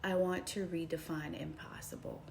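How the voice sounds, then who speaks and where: A woman telling a personal story to her viewers in a casual, animated way, calling them y'all and swinging from hushed retellings to excited outbursts. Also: sits low, normal speed, gravelly, slight background noise. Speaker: vlogger.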